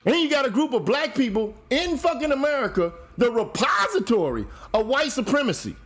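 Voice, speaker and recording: A man's voice: extremely high pitch, big pitch swings, brisk, fairly bright tone. A man hosting a show, delivering a heated, profane monologue and lecturing emphatically. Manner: lecturing, emphatic, swears often. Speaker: show host.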